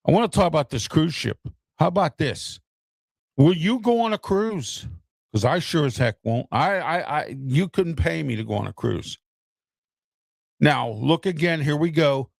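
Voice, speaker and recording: A man's voice: medium pitch, creaky, no room sound, studio quality. A middle-aged man hosting an opinion show, ranting bluntly and with exasperation straight to his viewers.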